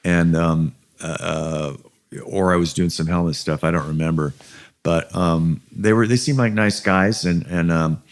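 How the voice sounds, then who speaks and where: A man's voice: deep voice, fairly even intonation, measured pace. A man in his sixties with an American accent, talking casually as an interview guest, rambling with many fillers and restarts. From USA. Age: 60s. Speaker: guest musician.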